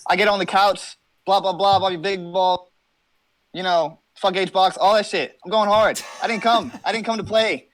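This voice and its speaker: A young man with a fairly high voice rambles through a casual interview from his car. He jokes and brags and swears constantly. He comes across as brash and over the top. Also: fairly even intonation, normal speed, a bit bright. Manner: brash, profane, rambling comic boasting. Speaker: interview guest.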